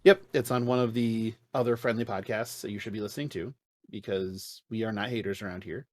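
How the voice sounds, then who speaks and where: A man co-hosting a casual podcast chat, talking in an animated, joking way with some swearing. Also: fairly low pitch, a little fast, no echo. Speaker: podcast co-host.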